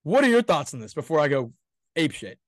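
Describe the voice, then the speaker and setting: A young man co-hosting a sports podcast, talking in a heated, ranting way and swearing freely. His voice sits a little high. The sound is dry and close. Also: sing-song, fast talker, no room sound. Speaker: podcast co-host. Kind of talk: casual sports talk.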